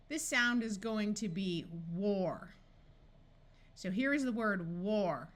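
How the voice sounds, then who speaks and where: A woman teaching a phonics lesson, reading words slowly and clearly one by one. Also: mid-range voice, expressive, fairly bright tone. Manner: slow, clearly enunciated word-by-word reading. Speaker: phonics tutor. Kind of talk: scripted phonics lesson narration.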